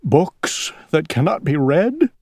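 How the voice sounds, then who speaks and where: Earnest childlike owl in a storybook, a woman doing the voice, slow, swooping tone, Chinese is her first language. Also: deep voice, big pitch swings, creaky, a little mellow, breathy edge, no room sound, clean studio sound, exaggerated voice. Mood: sad, musing. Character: gentle, earnest male owl, childlike and fretful. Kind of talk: picture book read-aloud.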